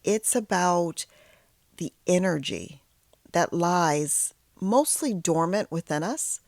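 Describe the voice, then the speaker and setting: A woman host and yoga teacher in training, telling a personal story and teaching in a candid, self-deprecating conversational way with quiet whispered asides. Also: on the low side, expressive, slow, no room sound, clean studio sound.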